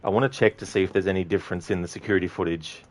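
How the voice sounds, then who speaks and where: A man with a very low voice talks through a game in a loose, rambling commentary. He laughs often and swears offhandedly as he muses. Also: fairly even intonation, racing. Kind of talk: casual gameplay commentary.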